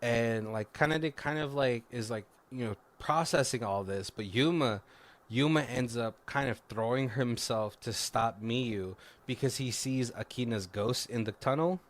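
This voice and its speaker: A man's voice: mid-range voice, measured pace. A man casually recapping a movie plot on a podcast, rambling with lots of fillers and self-corrections. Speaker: podcast co-host.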